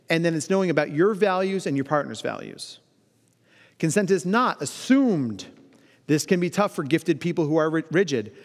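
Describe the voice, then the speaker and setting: A man in his thirties with a fairly high voice delivers a lively keynote talk, slipping into quick voices for the people he quotes. His voice carries a long reverb from the big hall he speaks in. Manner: animated, playful, acts out quoted voices. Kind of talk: conference talk. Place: large conference hall.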